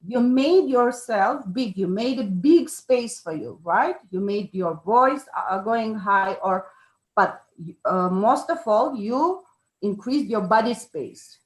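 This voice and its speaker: A woman explains things slowly and carefully. She often pauses, uses fillers and corrects herself mid-phrase. Her voice carries a roomy echo. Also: on the high side, expressive. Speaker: speaker on charisma. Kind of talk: informal talk with a participant. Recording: echoey room.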